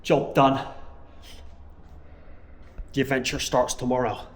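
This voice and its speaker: A young man vlogging his holiday to an action camera outdoors, chatty and excitable, swearing freely. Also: mid-range voice, slow. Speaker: travel vlogger. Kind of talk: casual travel vlog to camera. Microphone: action camera mic.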